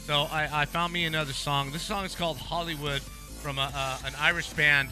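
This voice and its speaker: A man's voice: fairly high pitch, fairly even intonation, brisk, over music. A male radio co-host introducing a song in easy banter.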